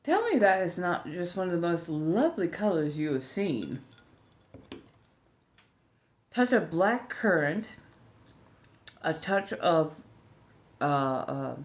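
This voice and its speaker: A woman with a Southern US accent hosts a relaxed ASMR livestream chat in a fairly low, slightly slow voice. She speaks softly, slips into whispers, and rambles with restarts. She's talking without her upper denture.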